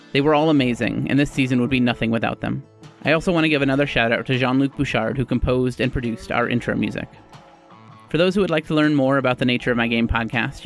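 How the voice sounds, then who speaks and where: Earnest man narrating a game podcast. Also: mid-range voice. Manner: earnest, grateful, steady storytelling. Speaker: host and game master. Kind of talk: podcast intro, then scripted story narration.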